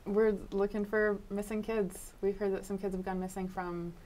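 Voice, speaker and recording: A woman's voice: medium pitch, little pitch movement, moderate pace, dark tone, slight background noise. A woman playing a tabletop game, speaking earnestly and directly in character. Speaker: player. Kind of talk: tabletop role-play banter.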